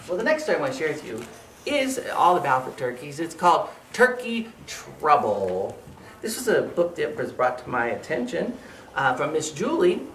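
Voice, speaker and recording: A man's voice: on the high side, sing-song, moderate pace, a bit bright, recorded from a distance, slight background noise. A man, a children's librarian, reading a picture book aloud for young children in a sing-song storytelling way. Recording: roomy, from off the mic.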